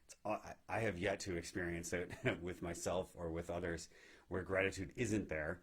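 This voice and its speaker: Low, husky-voiced man teaching meditation. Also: fairly even intonation, normal speed. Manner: gentle, reflective, frequent "right?" check-ins. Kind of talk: spiritual teaching talk. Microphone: live video stream.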